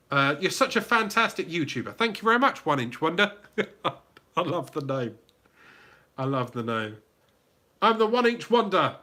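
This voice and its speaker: A man's voice: a little high, bright, forceful tone. A man with a British accent hosting a YouTube livestream Q&A, reading out viewers' comments and greeting them by name in a chatty way. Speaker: YouTube channel host.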